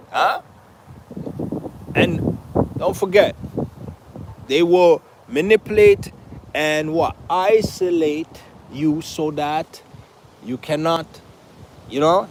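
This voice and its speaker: A man with a high-pitched voice delivers a rambling unscripted monologue to his viewers. He talks emphatically, repeats himself, and keeps asking rhetorical questions, with faint noise in the background. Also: poor audio. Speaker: vlogger.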